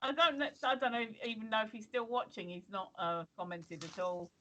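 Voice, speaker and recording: A woman from England in her 50s chats casually on a livestream she co-hosts from home, her rambling stories full of ums and restarts. Her voice sits on the high side, expressive, brisk and fairly bright, with lo-fi sound and slight background noise.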